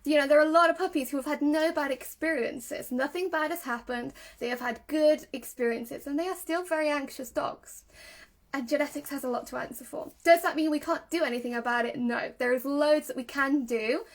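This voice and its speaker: A woman's voice: sits high, a little fast. A woman giving a casual talk as a dog trainer, explaining earnestly and talking through examples. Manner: earnest, explains with examples, acts out a puppy's thoughts.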